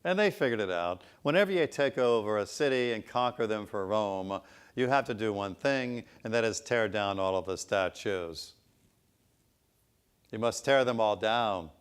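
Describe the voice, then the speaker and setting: A man with a somewhat low voice presents at a business conference. He talks as a consultant, telling anecdotes in a loose, conversational way with rhetorical asides to the audience. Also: clean tone.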